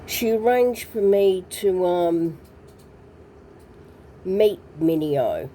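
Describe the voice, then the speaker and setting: Slow, hesitant woman. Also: lowish voice, expressive, warm tone, slight background noise. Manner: hesitant, full of ums and pauses. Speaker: interviewee recounting her past. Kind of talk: personal storytelling.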